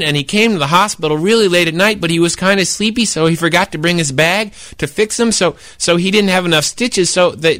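A man puts on an earnest young boy who trips over his words as he passes along a spooky rumor. The voice is fairly high and has a close, dry sound with no room around it. It is spoken storytelling. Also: fairly bright tone, no echo. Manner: halting, stammering with many restarts.

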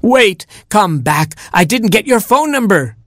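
A man's voice: a little high, very animated, moderate pace, slightly rough, no room sound, studio quality, pitched above the performer's own voice. A man voicing a lovestruck young prince in a storybook reading, with an earnest, pleading way of speaking. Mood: desperate.

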